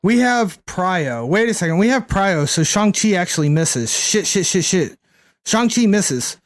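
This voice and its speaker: A man's voice: sits high, expressive, a little slow. A young man streaming a card game, chatting casually, thinking aloud and answering his chat. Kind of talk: casual live-stream commentary.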